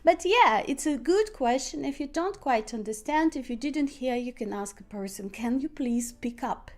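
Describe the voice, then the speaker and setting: Loud-spoken woman teacher. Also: high-pitched, animated, moderate pace. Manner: speaks loudly by habit; acts out example phone lines. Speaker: English teacher. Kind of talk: podcast lesson on phrasal verbs.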